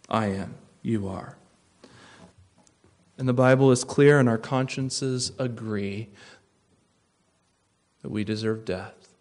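A man preaching a sermon as pastor, emphatic, driving his points home with repeated phrases. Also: mid-range voice.

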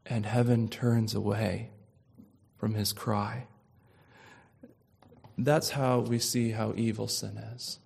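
A man preaching a sermon slowly and emphatically, building to loud, impassioned peaks. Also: lowish voice, flat delivery, creaky, husky.

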